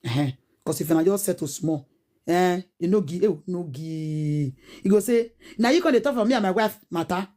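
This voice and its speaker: Nigerian woman, 40s, warm low-bright tone, preachy pidgin rant. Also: expressive, moderate pace. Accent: Nigerian Pidgin English. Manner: preachy, scolding, rhetorical questions. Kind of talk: animated casual rant.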